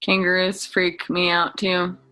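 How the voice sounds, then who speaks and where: A woman's voice: on the low side, completely flat delivery, unhurried, bright, forceful tone. A woman chatting casually as a podcast guest, rambling and giggling, slipping into comic voices. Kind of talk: casual chat.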